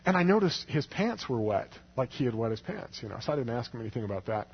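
A man's voice: mid-range voice, sing-song, fast, husky, muffled recording. A man telling a personal story to a crowd in a rambling way, full of "you know"s and restarts. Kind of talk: storytelling talk.

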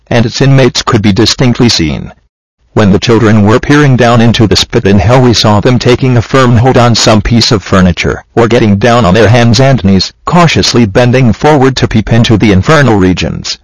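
Male reader of a religious book, measured and steady, lower register. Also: dry recording, poor audio. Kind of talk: reading a religious book aloud.

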